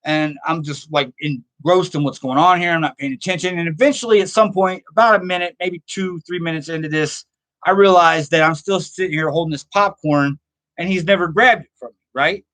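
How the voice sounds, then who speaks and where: A man's voice: fairly high pitch, a little fast, a bit bright. A middle-aged man hosting a horror show, telling a rambling story and reading viewer comments in a casual, self-amused way, laughing often.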